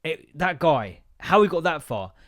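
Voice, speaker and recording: A man's voice: a little high, big pitch swings, a little slow. A man with an English accent hosting a casual podcast monologue, rambling, sweary and self-deprecating. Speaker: podcast host.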